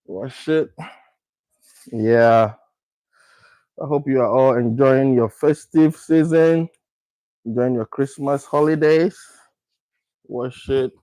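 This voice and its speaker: A man's voice: medium pitch, dark tone, dry recording, poor audio. A man from Ghana talking casually through a home cooking video, repeating his words as he works. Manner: repetitive, unhurried, talks while working. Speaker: cooking vlogger.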